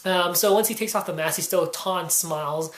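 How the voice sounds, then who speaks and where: Woman chatting thru a comic review, lowish voice, lots of um and you know, echoey room. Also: moderate pace. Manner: rambling, filled with "you know" and "um". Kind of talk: casual spoken review.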